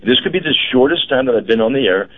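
A man's voice: mid-range voice, expressive, fast, phone-quality sound. A man on a radio show, joking wryly about how short his segment was. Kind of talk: casual radio chat.

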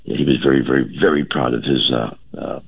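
A very deep, husky man tells stories in a homespun, patriotic way and keeps circling back to his point. His voice comes through thin and phone-like, as on a radio line. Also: steady tone, fast talker. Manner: folksy, patriotic, rambling storyteller. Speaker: car dealership owner, radio guest. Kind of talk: casual radio chat.

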